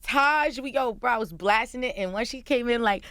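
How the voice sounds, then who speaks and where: Young woman, smooth voice, animated storytelling. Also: on the high side, moderate pace, no room sound. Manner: animated storytelling, acting out quotes. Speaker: guest. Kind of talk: casual interview chat. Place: radio studio. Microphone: studio microphone.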